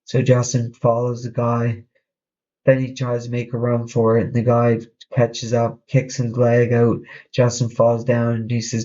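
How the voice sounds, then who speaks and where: A man hosting a podcast, casually telling a story in a halting way, with frequent restarts. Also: mid-range voice, completely flat delivery, dark tone, muffled recording. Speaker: podcast host.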